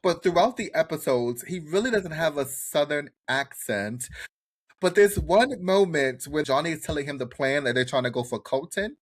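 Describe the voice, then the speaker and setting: A man co-hosting a podcast, recapping a reality show in casual chat, animated and profane, often mimicking the people he talks about. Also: on the high side, normal speed. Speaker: podcast co-host.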